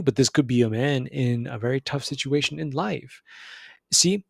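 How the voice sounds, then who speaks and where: A young man talks through casual self-improvement advice in a gravelly, slightly husky voice. He rambles and corrects himself as he goes, tossing in "bro" like he's chatting with a friend. The sound is dry and close, with no room around it. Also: mid-range voice, darkish tone, no room sound. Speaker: self-improvement video host. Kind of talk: casual motivational talk.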